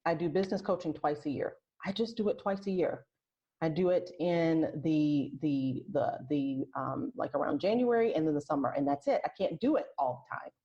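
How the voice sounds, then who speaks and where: A woman talking as a podcast guest in casual interview chat, soft and reflective, often restarting her sentences. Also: deep voice, normal speed. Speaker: podcast guest, aromatherapist and health coach. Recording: lo-fi muffled sound.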